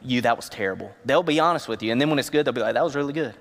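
A pastor preaching a conversational sermon from a church stage. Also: male voice, fairly high pitch, rapid-fire. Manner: conversational preaching with Southern phrasing. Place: church auditorium. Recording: long reverb of a large hall.

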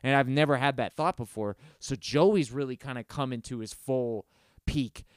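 A man talking loosely and profanely in casual chat, his voice smooth and resonant. The sound is close and dry, with no room around it. He stumbles over restarts and slips into mocking impressions. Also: moderate pace, dry recording. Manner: profane, rambling, mimics singers in high mocking voices.

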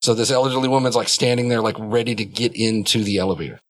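A man's voice: on the low side, fairly even intonation, fast, no echo. A man narrating a tabletop game as game master, describing scenes loosely with many fillers.

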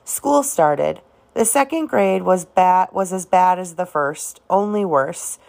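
A woman reading a novel aloud as an audiobook, in a steady, unhurried storytelling manner. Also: on the low side, gravelly. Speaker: audiobook reader.

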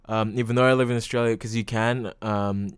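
A man's voice: fairly low pitch, steady tone, fairly quick, clear, resonant tone, no room sound, clean studio sound. A young man hosting a casual solo podcast, rambling loosely with lots of fillers and frequent swearing. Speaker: podcast host.

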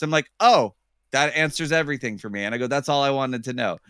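A man's voice: medium pitch, fast, pushed and bright, clean tone, no echo, clean studio sound. A man co-hosting a comedy podcast, rambling through a story with fillers and frequent laughter. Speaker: podcast co-host. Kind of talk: casual comedic chat.

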